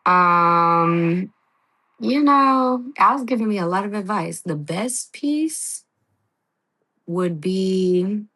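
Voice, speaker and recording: A woman wrestler talking casually on a podcast, telling animated stories, acting out quotes, laughing and swearing freely. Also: mid-range voice, drawn-out words, rough recording. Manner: lively storyteller, acts out quotes, laughs, swears. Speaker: wrestling guest.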